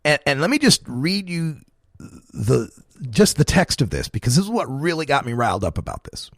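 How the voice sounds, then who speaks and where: A man's voice: fairly high pitch, big pitch swings, normal speed, fairly bright tone, dry recording, studio quality. A man in his forties hosting a talk radio show, ranting with impassioned, profane energy and frequent chuckles. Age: 40s.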